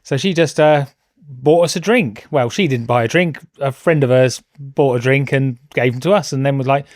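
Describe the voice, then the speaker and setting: A man's voice: mid-range voice, normal speed, no room sound. A British man in casual conversation as a podcast guest, telling stories with self-deprecating, dry humor. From Britain. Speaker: guest, host's husband.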